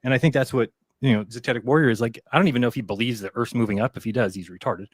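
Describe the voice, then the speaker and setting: A man's voice: mid-range voice, rapid-fire, husky, no echo. A man co-hosting a casual talk show, rambling through a story and acting out what others said. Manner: rambling, quotes others in animated voices. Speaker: podcast co-host.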